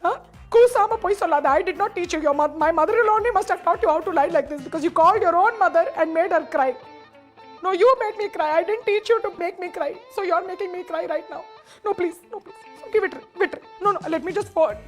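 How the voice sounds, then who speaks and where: A woman's voice: extremely high pitch, animated, rapid-fire, soft background music. Woman doing a nagging mother. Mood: pleading. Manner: scolding, guilt-tripping, mixes Tamil and English. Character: nagging melodramatic middle-aged Tamil mother. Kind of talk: comic phone-call sketch.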